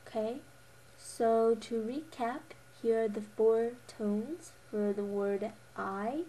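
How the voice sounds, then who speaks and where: A woman's voice: on the high side, slow, dark tone. A young woman teaching a beginner Mandarin lesson, patiently modelling each tone with repeats and correcting herself with a little laugh. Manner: self-correcting, a little giggly.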